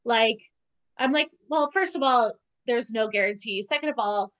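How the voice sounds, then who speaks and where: A woman's voice: fairly high pitch, moderate pace, a bit bright, rough recording. A young woman co-hosting a casual podcast, recapping a TV episode in a chatty, sarcastic way, full of "like". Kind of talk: casual chat.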